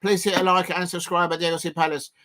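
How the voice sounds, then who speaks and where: A man streaming a live football watch-along, chatting loosely with lots of fillers and sudden bursts of excitement. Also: sits high, fast talker. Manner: rambling, filler-heavy, bursts of excitement at chances.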